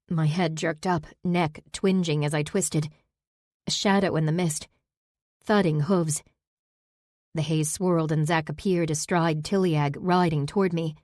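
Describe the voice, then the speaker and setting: A woman's voice: low voice, steady tone, a little slow, a little mellow, dry recording. A woman narrating a first-person fantasy audiobook with intimate, emotional storytelling on a close studio mic.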